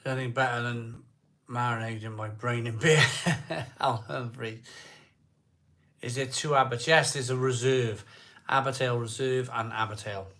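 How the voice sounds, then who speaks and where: A man's voice: mid-range voice, steady tone, moderate pace, fairly bright tone. Welsh man, middle-aged, live stream host, chatty, jokey, reading out viewer comments. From South Wales.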